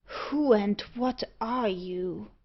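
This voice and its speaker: A bitter, desperate young gentleman, as a woman reads him in an audiobook. He speaks slowly and tensely at a middling pitch. The sound is a little dull and lo-fi. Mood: wary.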